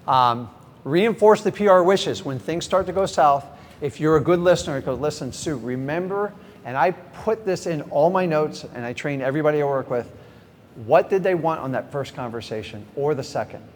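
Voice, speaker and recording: A middle-aged man teaching a live seminar. He is energetic and direct, often questions the audience and then answers himself. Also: on the high side, moderate pace. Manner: energetic, direct, acts out sample conversations. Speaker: real estate investing trainer. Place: large event hall with a live audience. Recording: echoey hall, faint background noise.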